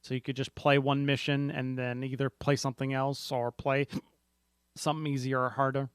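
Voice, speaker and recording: A man's voice: mid-range voice, level tone, normal speed, smooth, no echo, studio quality. A man co-hosting a casual board game podcast, rambling and often restarting his sentences. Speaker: podcast co-host.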